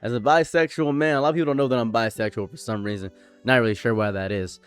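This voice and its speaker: A man's voice: mid-range voice, steady tone, fast, clean tone. Young guy ranting on his commentary channel, blunt, says stuff twice to drive it home. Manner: frank, lecturing, repeats points for emphasis. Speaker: commentary YouTuber. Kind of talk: casual commentary monologue.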